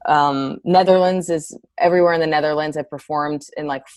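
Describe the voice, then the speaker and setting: A woman comedian talking in a casual interview, rambling, correcting herself and telling animated stories over a video call. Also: low voice, fairly quick, no room sound. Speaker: stand-up comedian guest.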